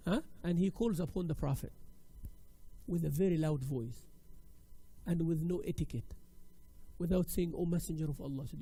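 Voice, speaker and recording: Animated high-voiced man. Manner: animated and conversational, acts out examples. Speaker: Islamic studies teacher. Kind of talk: classroom lecture.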